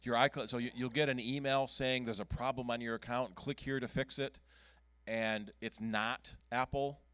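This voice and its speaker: A man giving a casual talk at a computer club meeting, halting often with ums and restarts as he clicks through his screen. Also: medium pitch, fairly even intonation, a bit bright, clean tone, dry recording. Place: meeting room.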